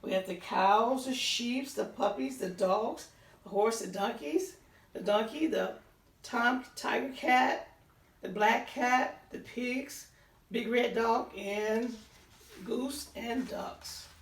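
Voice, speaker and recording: A woman reading a picture book aloud to children, pausing to point out pictures and count along. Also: fairly high pitch. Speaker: storytime reader. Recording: roomy sound, voice distant from the mic.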